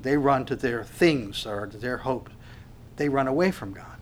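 A pastor preaches an expository sermon in a mid-range voice with lively intonation at a moderate pace. He's earnest and emphatic, frequently restarting and repeating words while explaining a passage.

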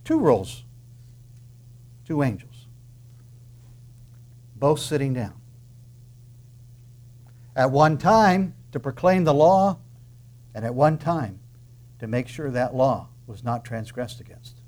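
A man preaching a sermon emphatically, asking rhetorical questions and dropping into soft asides. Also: mid-range voice, expressive, slow, long pauses. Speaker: pastor.

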